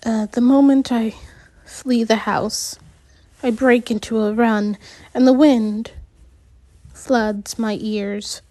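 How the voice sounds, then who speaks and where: A woman narrating a first-person novel in a high voice. She reads slowly and stops to redo words, so it sounds unpolished. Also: fairly even intonation, warm tone, no echo. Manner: unpolished reading with slips and retakes. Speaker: audiobook narrator.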